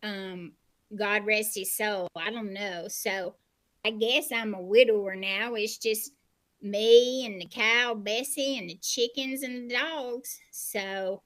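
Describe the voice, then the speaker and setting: A woman's voice: medium pitch, steady tone, takes it slowly, fairly bright tone. A woman doing a folksy farm widow. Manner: folksy, rambling, hesitant. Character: lonely rural farm widow living with her animals. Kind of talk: improv comedy character. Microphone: video call.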